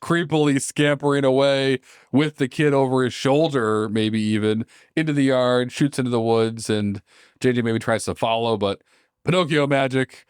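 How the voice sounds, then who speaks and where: Animated male podcast storyteller, dry sound. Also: mid-range voice, moderate pace, clear, resonant tone, no echo. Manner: animated storyteller, laughs often. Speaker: podcast co-host. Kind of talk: casual movie brainstorm chat.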